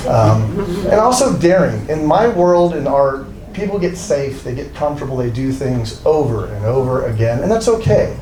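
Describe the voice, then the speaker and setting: A man's voice: mid-range voice, lively intonation, normal speed. A man, an art dealer, introducing a speaker at an event, rambling, joking at his own expense and getting emotional. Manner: rambling, self-deprecating, emotional. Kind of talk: live introduction speech. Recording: roomy, distant from mic, with noise.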